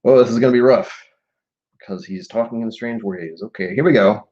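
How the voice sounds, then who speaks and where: A man's voice: low-pitched, steady tone, fast, darkish tone. A man chatting casually on a live stream and reading poetry aloud, rambling and muttering asides to himself. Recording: dull lo-fi stream audio.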